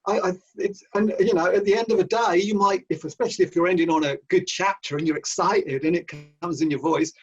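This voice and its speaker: A man, an author and audiobook narrator, telling stories in a rambling, animated way with many restarts over a video call. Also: sits high, fast, hardly any pauses, husky, highs cut off, faint music behind. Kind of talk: casual video-call conversation.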